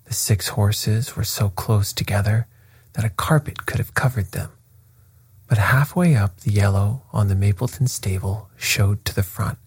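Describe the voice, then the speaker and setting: A man reading a classic detective story aloud as narrator, in a steady, unhurried way. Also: on the low side, slightly rough, dry recording. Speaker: audiobook reader. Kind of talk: scripted narration.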